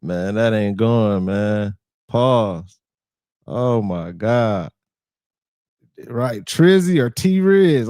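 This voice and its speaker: A man's voice: mid-range voice, darkish tone, no room sound, clean studio sound. A man co-hosting a reaction video, joking and sounding incredulous. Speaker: reaction channel co-host. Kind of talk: casual reaction commentary.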